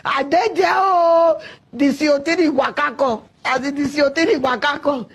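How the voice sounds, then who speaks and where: A woman with a Nigerian Pidgin accent recounting an ordeal, her voice breaking into cries and shouts. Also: sits high, a little slow. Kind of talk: emotional storytelling in Pidgin.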